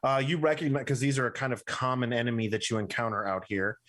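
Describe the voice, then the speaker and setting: A man running a tabletop game as game master, narrating scenes in a slow, deliberate way. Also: mid-range voice, steady tone, fairly bright tone.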